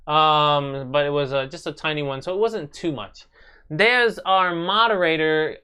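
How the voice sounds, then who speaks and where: A man's voice: mid-range voice, bright, forceful tone, clear, resonant tone. A young man hosting a casual live stream from his apartment, chatting with viewers in a rambling way with many fillers.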